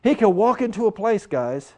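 A man preaching a sermon with passion, swinging between loud urging and hushed, quieter asides. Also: high voice, sing-song, moderate pace.

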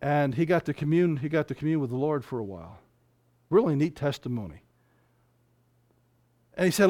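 A man preaching a fervent sermon, reading scripture aloud and speaking in quick bursts. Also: on the high side, animated, darkish tone. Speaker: pastor.

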